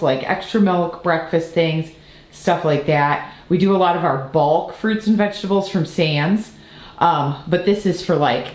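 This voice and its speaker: A woman's voice: fairly low pitch, a little mellow. A woman in her forties from the United States, chatting casually to the camera in her kitchen as a family vlogger, rambling with lots of fillers and self-corrections. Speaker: family vlogger and homeschooling mother.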